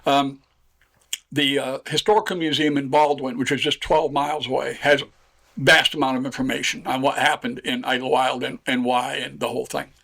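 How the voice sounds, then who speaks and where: A man's voice: mid-range voice, little pitch movement, moderate pace, vocal fry, fairly bright tone. An older man from Michigan telling stories as a podcast guest, folksy and rambling. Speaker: guest storyteller. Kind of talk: casual storytelling.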